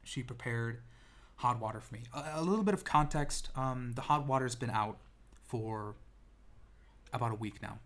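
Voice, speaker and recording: A young man with a medium-pitched, slightly bright voice speaks at a moderate pace as he tells a casual story to camera from an indoor seat. It's a vlog monologue, rambling and self-deprecating, packed with restarts and ums.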